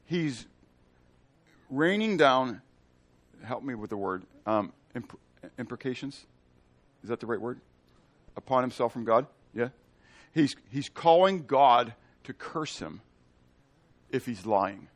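A man's voice: medium pitch, takes it slowly, long pauses. A man preaching a sermon in a casual, playful way, often acting out the people in his story. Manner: animated, playful, acts out quotes. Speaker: pastor.

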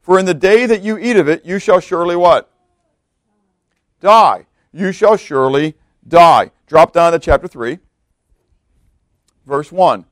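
A man's voice: high-pitched, moderate pace, long pauses, dry recording, clean studio sound. Man preaching with questions to the congregation. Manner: conversational preaching with repeated rhetorical questions. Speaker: pastor. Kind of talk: sermon.

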